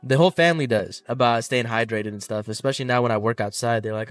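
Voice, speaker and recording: A man's voice: mid-range voice, quick pace, no echo. A young man co-hosting a casual podcast, telling stories in a laid-back way and swearing now and then. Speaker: podcast co-host. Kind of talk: casual chat. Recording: slightly distant mic, dry room, faint music.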